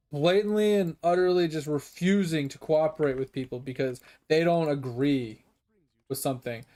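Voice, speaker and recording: Profane, exasperated gaming streamer. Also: male voice, on the high side, dark tone. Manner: exasperated, profane, many fillers. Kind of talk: casual rant while gaming.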